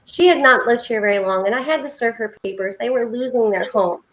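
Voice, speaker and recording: A woman's voice: a little high, fairly quick, a bit bright, poor audio. A woman co-hosting a faith-based livestream chat, telling heartfelt stories in an earnest, preaching way over a video call. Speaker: co-host of a faith support livestream.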